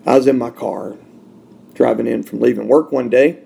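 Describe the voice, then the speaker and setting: Male podcast host, gravelly voice, emotional studio testimony with big swings in volume and pitch. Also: fairly even intonation, moderate pace. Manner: emotional, swings from loud and high to soft and hushed. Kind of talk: personal testimony.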